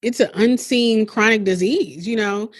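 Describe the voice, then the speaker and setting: A young adult woman hosting a podcast, talking earnestly and emotionally, quick to laugh. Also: mid-range voice. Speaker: podcast host. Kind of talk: warm conversational podcast interview and outro.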